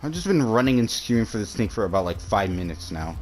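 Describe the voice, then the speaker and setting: A man narrating his own gameplay in a casual, excitable way. His pitch swings widely, from low muttering up to shrieking yells, and he swears and jokes at the creatures on screen. Faint music plays behind him. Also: quick pace. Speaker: gameplay commentator.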